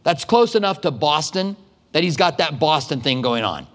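A man preaching as a pastor, telling stories in a conversational, animated way with quick asides. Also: a little high. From United States. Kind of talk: sermon. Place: church sanctuary. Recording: long hall reverb.

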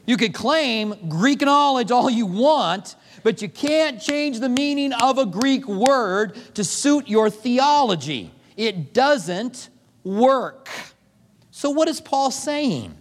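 A man's voice: very high voice, slow. A man preaching a sermon as pastor, acting out little dialogues as he goes. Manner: animated preaching with acted-out dialogue. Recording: long hall reverb.

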